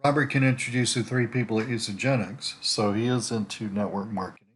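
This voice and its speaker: A man's voice: on the low side, fairly even intonation, fairly quick. A man in casual screen-share commentary, thinking aloud as he browses profiles, rambling with restarts and asides, talking from home. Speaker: network marketer prospecting on a social site. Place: at home in winter.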